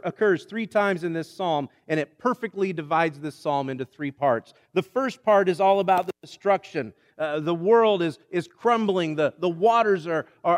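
A man delivers a sermon in a conversational style, often stumbling and restarting phrases as he goes. His voice sits a touch high. Long reverb from the hall trails after every line. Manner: conversational preaching with frequent restarts. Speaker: pastor.

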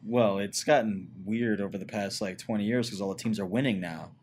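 Deep-voiced man chiming in casually. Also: brisk, darkish tone, breathy edge. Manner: chimes in with quips and profanity. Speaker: podcast co-host. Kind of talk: casual chat.

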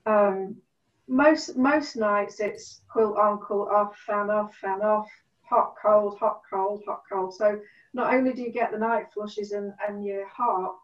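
A middle-aged woman telling stories in a casual chat, animated, acting out what people said. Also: mid-range voice, takes it slowly. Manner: animated storyteller, acts out quotes. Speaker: guest. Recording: distant, roomy, dull sound.

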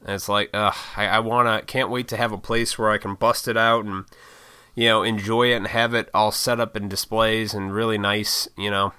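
Crisp-voiced rambling guy vlogging solo. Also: on the low side, flat delivery, normal speed, pushed and bright, no room sound, clean studio sound. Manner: rambling, profane, chatty with frequent laughs. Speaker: YouTuber and podcaster. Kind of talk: casual solo vlog chat.

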